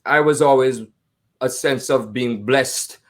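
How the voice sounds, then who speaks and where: An older man from Jamaica with a Jamaican accent, a jazz pianist telling stories of his life as an interview guest, with good humor and slow, drawn-out phrasing. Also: medium pitch. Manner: warm-humored, laughs often, drawn-out phrasing. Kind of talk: storytelling in conversation.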